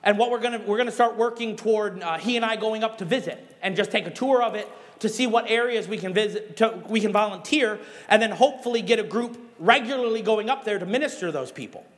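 A man's voice: sits high, fast, few pauses, in a large hall. A man preaching a sermon as a pastor, telling stories and urging his congregation to act. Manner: animated storytelling with emphatic exhortations.

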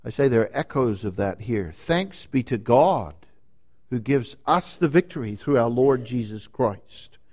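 A man preaching a sermon, slow and emphatic, rising to loud declarations and dropping to hushed lines. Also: mid-range voice, animated. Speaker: pastor.

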